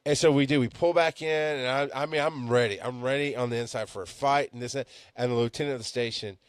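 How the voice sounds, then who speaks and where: A man teaching as a paramedic instructor, telling stories bluntly and swinging between loud emphasis and quiet asides. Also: mid-range voice, fairly even intonation, fast, smooth, dry recording. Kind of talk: storytelling lecture.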